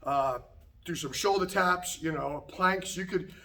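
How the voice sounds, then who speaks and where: Winded karate instructor coaching to camera. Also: male voice, a little high, unhurried, gravelly. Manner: relaxed, repetitive coaching with frequent okay and right. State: slightly out of breath after a workout. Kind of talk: casual instructional talk to camera. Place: martial arts practice space, indoors.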